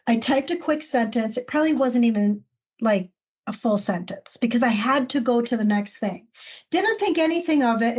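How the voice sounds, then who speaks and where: A woman co-hosting a podcast, her voice sitting a little high as she tells an anecdote. She acts out each quoted exchange with lively energy and keeps talking in an easy, conversational flow. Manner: animated storytelling, acts out quoted dialogue. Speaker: podcast co-host.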